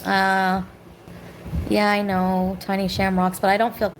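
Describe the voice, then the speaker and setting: A woman's voice: mid-range voice, monotone, measured pace, a little hiss or hum, rough recording. A woman venting on a live stream from her home, rambling and bitter, snapping back at people in the chat. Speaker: livestreamer. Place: home kitchen.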